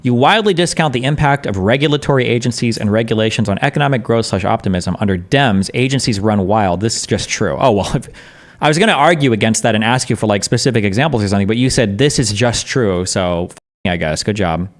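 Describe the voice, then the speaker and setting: A man's voice: on the low side, expressive, fast. A man streaming casual commentary as he reacts to a debate, blunt, profane and sarcastic.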